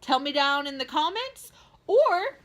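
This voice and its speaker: A woman's voice: high-pitched, sing-song, unhurried. A woman co-hosting a casual home vlog, chatty and bubbly, sometimes stretching her words out. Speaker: co-host. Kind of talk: casual chat. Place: home in Texas.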